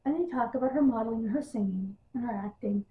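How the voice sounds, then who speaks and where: A woman delivers a casual, exasperated rant about wrestling news, sarcastic and packed with "ums." She talks quickly at a fairly high pitch, and the audio sounds tinny, like a phone.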